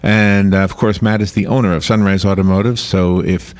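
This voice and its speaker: A man's voice: low voice, fairly even intonation, fairly quick, clean tone. A man hosting a casual call-in radio show, chatty and laughing at his own stories.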